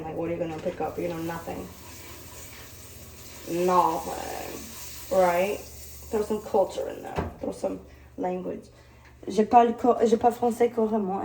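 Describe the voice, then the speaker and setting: A woman's voice: mid-range voice, dark tone. A young woman vlogging in casual chat to camera, rambling and jokey, mocking herself and swearing freely. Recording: roomy, distant, faint background noise.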